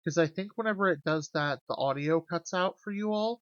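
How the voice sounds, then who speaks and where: A young adult streamer in casual let's-play commentary, reading game lines aloud and chatting to viewers with animated, swearing asides. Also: medium pitch, fairly quick, dry recording, lo-fi sound. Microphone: desk mic with gain adjusted.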